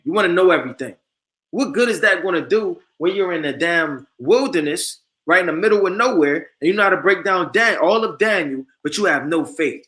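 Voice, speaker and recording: Male street preacher, high bright voice, emphatic and repetitive. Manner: emphatic, repeats "man" and "you understand"; reads scripture slowly and forcefully. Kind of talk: street-style sermon.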